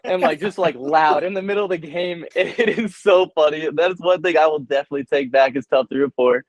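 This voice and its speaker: A young man talking as an interview guest, energetic and slangy, full of hype. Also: on the high side, a little fast, no echo. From United States. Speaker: guest, baseball prospect. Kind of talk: casual interview chat. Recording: dull, dry remote call audio.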